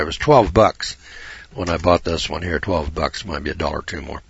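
A man hosting a talk show, rambling in a folksy, digressive way about scripture with many pauses and restarts. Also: deep voice, fairly even intonation, creaky, a bit bright, breathy edge, no echo, muffled recording.

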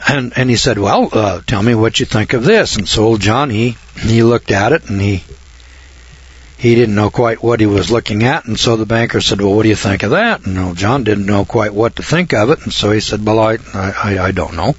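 An older man telling a folksy anecdote, halting and rambling, often clearing his throat and slowing down for the punchlines. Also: on the low side, no room sound, lo-fi sound. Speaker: storyteller.

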